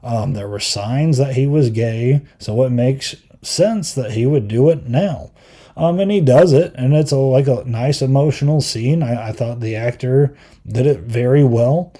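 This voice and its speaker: A man's voice: mid-range voice, unhurried, mellow. A man hosting a podcast, giving a rambling, filler-heavy review in casual chat, exasperated and given to acting out quotes in mocking voices. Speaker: podcast host.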